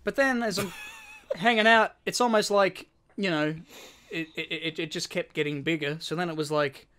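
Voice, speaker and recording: A man's voice: sits high, normal speed, a bit bright, clean tone. An Australian man co-hosting a podcast, casually telling a long story with lots of repeated words and casual swearing. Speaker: podcast co-host.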